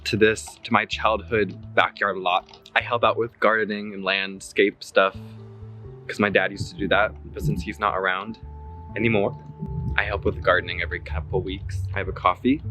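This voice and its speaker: A man's voice: fairly low pitch, steady tone, normal speed, bright, forceful tone. A young man chatting casually to camera as a vlogger, rambling with lots of fillers. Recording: echoey room with faint music.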